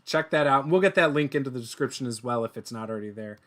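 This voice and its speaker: A man hosting a gaming interview show, telling stories in an excitable, rambling way. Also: mid-range voice, quick pace. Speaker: podcast host. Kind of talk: casual interview chat.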